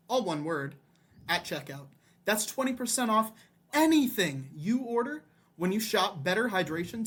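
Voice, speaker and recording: A man's voice: fairly high pitch, a bit bright, no room sound. Upbeat male podcast host reading ads. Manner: upbeat, salesy ad-read delivery. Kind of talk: mock sponsor read.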